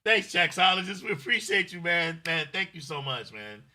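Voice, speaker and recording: A middle-aged man co-hosting a livestream in loose, rambling chat. His voice is very bright and forward. He gushes openly when he thanks viewers. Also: fairly high pitch, sing-song, normal speed, faint music behind. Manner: effusive, rambling, emotional thanks. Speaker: livestream co-host.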